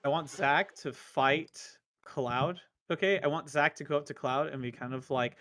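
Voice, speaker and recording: A man's voice: medium pitch, steady tone, moderate pace, hardly any pauses, fairly bright tone. A man co-hosting a podcast, rambling with hesitations and acting out bits of dialogue. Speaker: podcast co-host. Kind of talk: casual podcast chat.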